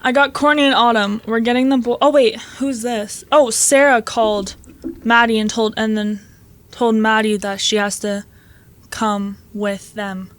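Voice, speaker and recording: A young woman with a fairly high voice reads a story aloud, tripping over the sentences. She is casual and profane and laughs easily. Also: steady tone, measured pace. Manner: stumbling reading, laughing, swearing. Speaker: co-host. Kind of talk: casual chat and reading aloud.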